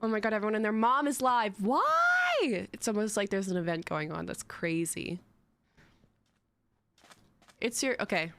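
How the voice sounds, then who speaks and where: A woman's voice: medium pitch, normal speed, pauses often, a little hiss or hum. A young woman streaming live, chatting in a rambling, giggly, self-mocking way to her chat.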